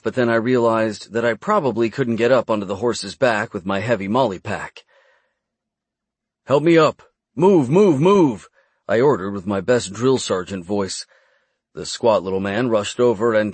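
A man reading a first-person fantasy adventure audiobook in a brisk storytelling manner. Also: lowish voice, slightly rough, no echo. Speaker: audiobook narrator.

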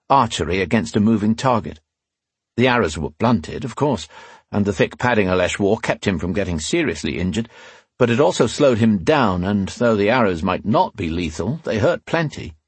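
Low, husky male audiobook narrator. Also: no echo. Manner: measured, dramatic reading. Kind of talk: scripted fantasy narration.

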